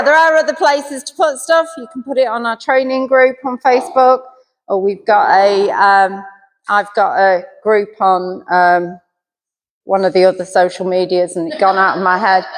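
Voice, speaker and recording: A woman's voice: medium pitch, normal speed. A middle-aged woman, a dog trainer giving a chatty, self-deprecating puppy class. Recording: reverberant hall.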